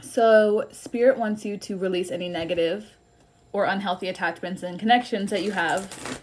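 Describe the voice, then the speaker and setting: A woman's voice: medium pitch, moderate pace. A young woman giving a tarot reading on a live stream, chatty and sassy, often laughing. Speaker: tarot reader.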